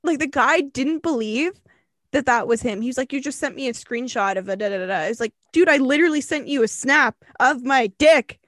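A young woman co-hosting a podcast, telling a story in a casual, animated way, laughing and swearing often. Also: high voice, fairly quick, no room sound. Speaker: podcast co-host.

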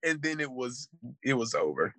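A man's voice: mid-range voice, very animated, normal speed, a bit bright, no room sound. A man hosting a podcast, joking and teasing his co-hosts in casual banter. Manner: joking, teasing, talks up segments. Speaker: podcast host.

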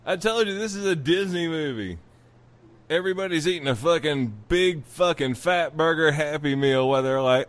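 A man's voice: on the high side, moderate pace. A man hosting a podcast, reading a news story and riffing on it with profane jokes and frequent laughter. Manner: profane, joking, laughs often. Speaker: podcast host. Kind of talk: comic news commentary.

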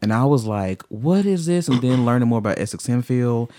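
A man in candid conversation who swings from brooding and low to loud and fired up, swearing freely. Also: expressive, brisk, no echo, studio quality.

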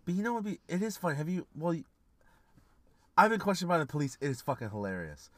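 A man's voice: fairly high pitch, big pitch swings, fast, fairly bright tone, no room sound. A man from Canada co-hosting a podcast, telling stories in casual chat, swearing and laughing often. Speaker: podcast co-host.

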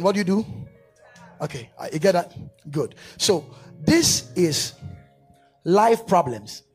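Before a congregation at a church service, a male preacher with a high, breathy-edged voice gives a live sermon featuring a staged demonstration. He directs volunteers and grows animated, rising into fervent shouted prayer.

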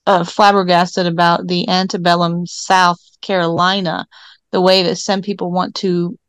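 A woman's voice: fairly low pitch, little pitch movement, moderate pace, a bit bright, no room sound. A woman with a Southern accent co-hosting a casual discussion, chatty and loose, dropping the ends of words. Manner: chatty, loose, drops word endings. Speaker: co-host.

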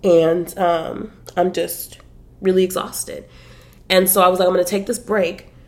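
A woman with a slightly low-pitched voice talks through her reading list as a podcast host. Her delivery is loose and animated, peppered with slang and fillers. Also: unhurried. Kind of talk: casual chat about books.

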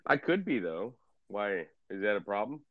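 A man's voice: on the low side, sing-song, normal speed, no echo, phone-quality sound. A man streaming in a casual video chat, laid-back and teasing, swearing freely. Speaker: streamer and tarot card reader.

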